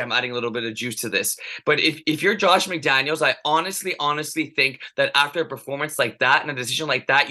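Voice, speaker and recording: A man's voice: a little high, sharp tone. A man co-hosting a casual sports talk show, ranting with heated, emphatic repetition. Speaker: podcast co-host.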